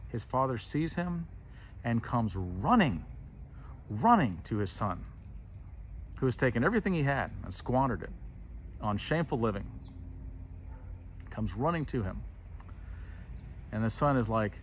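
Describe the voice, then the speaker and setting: A man's voice: medium pitch, sing-song, unhurried, pauses often, a little hiss or hum. A man retelling a Bible parable in a casual, earnest way and acting out the characters' words. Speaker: preacher.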